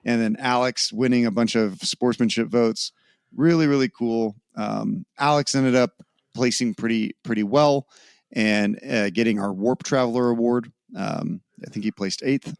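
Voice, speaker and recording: A man's voice: medium pitch, unhurried, creaky, clear, resonant tone, no room sound. A man with a mid-range voice co-hosts a tabletop gaming podcast. He rambles easily, restarts his sentences and throws in the odd swear word. The sound is dry and close. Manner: loose, rambling, swears casually. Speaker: podcast co-host. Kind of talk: casual chat.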